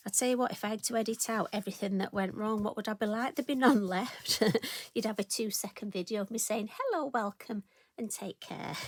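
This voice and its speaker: Chatty woman demonstrating card stamping. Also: mid-range voice. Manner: chatty and self-deprecating, talks to viewers while working. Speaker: craft tutorial host.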